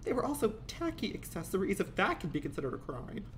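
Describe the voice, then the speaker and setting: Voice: medium pitch, sing-song, fast, slight background noise, close to an everyday voice. A performer playing a genteel 58-year-old Russian-born woman in a game role-play, calling people darling and sweetheart. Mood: prim.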